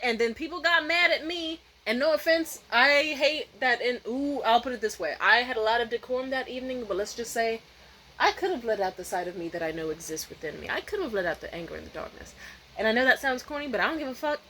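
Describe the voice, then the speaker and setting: A woman's voice: on the high side, fairly quick, pushed and bright, slight background noise, poor audio. A woman vlogger telling a rambling, profane, candid story in a casual way, often restarting her sentences.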